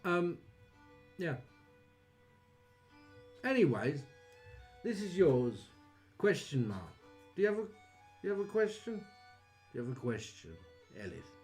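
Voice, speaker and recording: A man's voice: high voice, sing-song, measured pace, pauses often, a little mellow, faint music behind. A man chatting casually on a livestream as a psychic witch, wry and self-deprecating.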